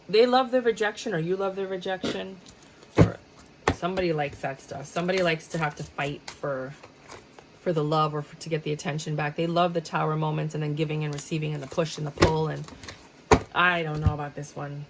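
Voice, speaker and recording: A woman's voice: low voice, fairly even intonation, moderate pace, heavy background noise. Blunt, chatty woman reading tarot. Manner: blunt, chatty, swears freely. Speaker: tarot reader.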